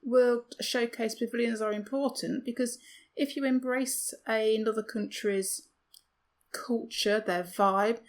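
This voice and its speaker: A woman's voice: on the high side, steady tone, slow. Chatty self-deprecating woman. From United Kingdom. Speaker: podcast co-host. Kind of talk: casual chat.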